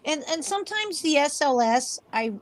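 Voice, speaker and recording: This woman's voice sits high and sounds animated at a moderate pace. She's being interviewed as a paranormal investigator, telling rambling, chatty stories casually and imitating the voices of those in them.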